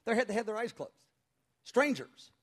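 A man pastor telling a story in a sermon before a live congregation, animated and halting, crying out when he acts out quoted voices. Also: high-pitched, slightly rough. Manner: halting with frequent restarts.

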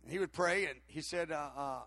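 An older man preaches a storytelling sermon, telling a long personal story in an animated, rambling way with many fillers and restarts. His voice is a little high and brisk, with no echo.

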